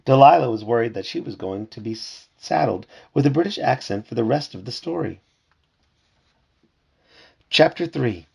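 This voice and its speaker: A father reads a children's storybook aloud at home, with a gravelly, slightly husky voice. He reads with lively expression and slips into voices for the characters. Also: mid-range voice, normal speed, long pauses.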